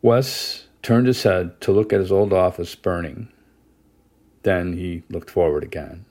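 A man reading a first-person novel aloud as an audiobook narrator, steady and measured. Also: deep voice. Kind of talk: scripted narration.

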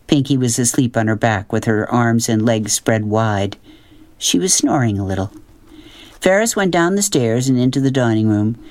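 A man narrating a children's storybook, gentle and expressive. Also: medium pitch, normal speed, no echo. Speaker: audiobook narrator.

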